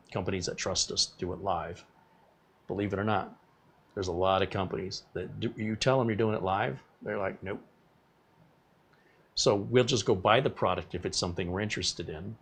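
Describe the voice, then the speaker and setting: A man's voice: on the low side, vocal fry, breathy edge. A man in his fifties hosting a live tech stream, chatting casually and rambling between topics while reading viewer comments. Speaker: tech YouTuber host.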